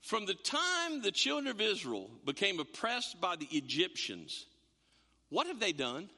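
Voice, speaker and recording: Male pastor, high lively voice, bright tone; sermon in a reverberant sanctuary. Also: a little slow, slightly rough. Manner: animated, repeats words, acts out quotes. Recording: long hall reverb.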